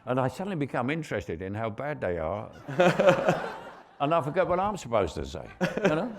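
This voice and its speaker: An older man with a London Cockney accent, a veteran actor telling anecdotes on stage as a relaxed raconteur. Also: mid-range voice, normal speed, very noisy. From England. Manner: relaxed raconteur, frequent restarts and chuckles.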